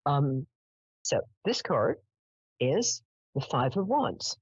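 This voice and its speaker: A woman hosting a live psychic call-in show, with a low, slightly husky voice that swings widely in pitch. She chats and rambles through her stories, filling pauses with ums. The sound is close and dry, with a slightly dull, lo-fi quality. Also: sing-song, no room sound. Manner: chatty, meandering storytelling with many ums.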